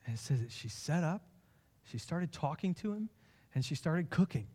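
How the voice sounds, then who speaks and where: A man preaching a sermon as pastor, impassioned, swinging from hushed lines to pleading ones. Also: fairly high pitch, expressive, moderate pace.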